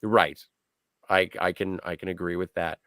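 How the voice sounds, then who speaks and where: A man's voice: sits low, fairly even intonation, normal speed, fairly bright tone, no echo, clean studio sound. A man hosting a podcast in casual chat, reading out comments from listeners. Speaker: podcast host.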